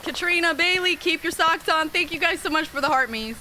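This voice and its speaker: A woman streaming a horror game, chatting casually with viewers, sassy and swearing freely, with sudden excited yelps. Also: extremely high pitch, a little fast, slight background noise, rough recording. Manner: bursts into excited yelps during scares. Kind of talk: casual live-stream chat over gameplay.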